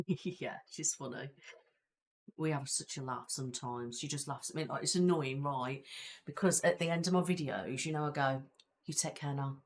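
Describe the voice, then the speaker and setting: With a very deep voice at a moderate pace, a Belfast-accented woman hosts a live stream as an ASMR creator. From Belfast, Northern Ireland, she chats casually with her viewers, rambling along with frequent fillers.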